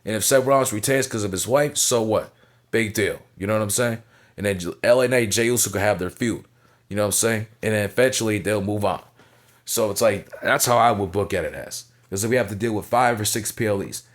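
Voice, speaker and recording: Male wrestling reviewer, blunt and profane, animated casual delivery. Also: lowish voice, a little fast.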